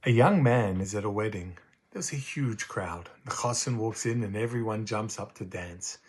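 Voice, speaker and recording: A man's voice: fairly low pitch, moderate pace, slightly rough. A man narrating a story in an earnest, reflective, intimate way.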